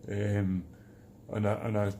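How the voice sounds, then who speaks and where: A man's voice: fairly low pitch, monotone, takes it slowly, dark tone, slight background noise. A man with a Scottish accent chatting in a jokey, rambling way in a casual vlog before a charity trek. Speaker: charity trekker.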